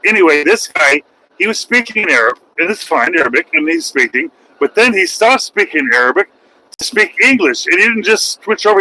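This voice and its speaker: A man's voice: high-pitched, big pitch swings, fairly quick, sharp tone, low-quality recording. A man, a truck driver vlogging from his cab, talking in a rambling, opinionated way with wry asides. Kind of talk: casual rambling monologue.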